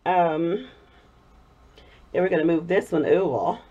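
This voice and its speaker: A woman vlogger chatting casually while making soap, her voice hoarse from a cold. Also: on the low side, a little slow. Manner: chatty, warm thanks to viewers, frequent laughs. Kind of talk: casual chat while crafting. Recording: dull lo-fi recording.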